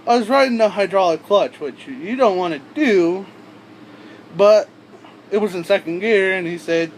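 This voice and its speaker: A man's voice: sits high, a little hiss or hum, poor audio. A young man vlogging, telling a rambling story with swearing and many side explanations. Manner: rambling, profane, with frequent asides and restarts.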